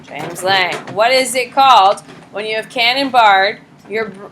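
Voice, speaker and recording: Woman teacher, bright voice, blunt, lively, acts out examples, classroom, faint noise. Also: medium pitch, measured pace. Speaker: high school psychology teacher. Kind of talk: classroom lecture.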